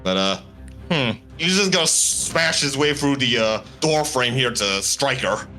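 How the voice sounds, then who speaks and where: A man's voice: mid-range voice, expressive, measured pace, sharp tone, faint music behind. A man as a player in a tabletop game, talking casually and playfully.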